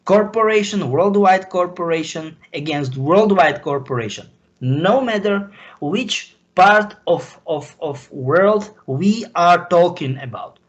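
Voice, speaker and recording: A man from Slovakia, speaking as an interview guest in a halting, impassioned way. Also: high voice, animated, muffled recording. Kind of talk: emotional interview talk.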